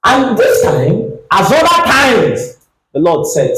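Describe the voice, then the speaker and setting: Animated preaching man in an echoey hall. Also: on the high side, soft background music. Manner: animated preaching, reads scripture slowly and acts out dialogue. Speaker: pastor. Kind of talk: sermon. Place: church.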